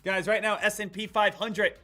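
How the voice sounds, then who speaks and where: Man, live trading commentary, bright high voice, swings from hype to muttering, faint music behind. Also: moderate pace. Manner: excitable, jumps between loud hype and muttering. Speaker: day trader streaming his trades.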